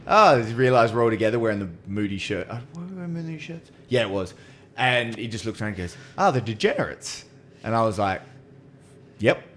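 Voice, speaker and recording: A man's voice: lowish voice, a little hiss or hum. A young man, chatting casually as a podcast guest and telling long, rambling stories with frequent laughter. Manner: rambling storyteller, laughing often. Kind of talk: casual chat.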